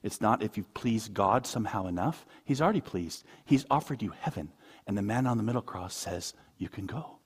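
A man preaching a sermon, moving from quiet asides to loud, high-pitched emphasis. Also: lively intonation, a little fast, slightly rough. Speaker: pastor.

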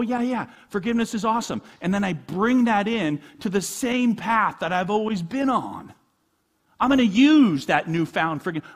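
Preaching in a church, a middle-aged pastor keeps his sermon conversational and lively, posing rhetorical question after rhetorical question. His voice is high-pitched with a breathy edge.

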